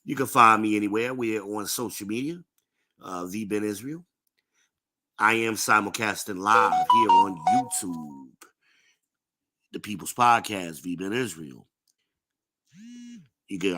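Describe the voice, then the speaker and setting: Podcast host, man, middle-aged; slow, lecturing delivery, bright tone. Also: lowish voice. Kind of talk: live-streamed podcast monologue.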